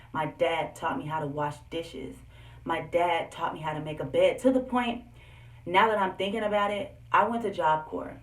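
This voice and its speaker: A woman's voice: lowish voice, recorded from a distance. Candid young woman vlogging in an echoey room. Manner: animated, candid, talks straight to viewers. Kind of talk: personal storytelling vlog. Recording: echoey room, voice set back from the mic.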